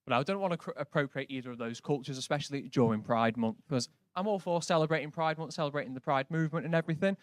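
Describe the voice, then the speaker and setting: A man's voice: a little high, racing, few pauses. A man doing a stand-up set on a comedy club stage, dry and conversational, full of casual asides. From Britain. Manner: dry, conversational, lots of likes.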